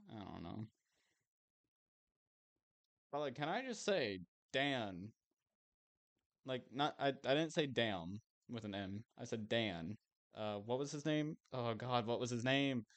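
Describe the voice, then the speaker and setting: A young man chatting casually while streaming a game, rambling and self-amused, swearing now and then. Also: mid-range voice.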